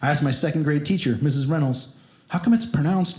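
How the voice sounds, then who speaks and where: This stand-up comic from Kentucky has a lively, high male voice and keeps a moderate pace. Working a comedy club stage, he spins animated stories and performs the quoted voices himself, all captured in an echoey theater full of loud laughter.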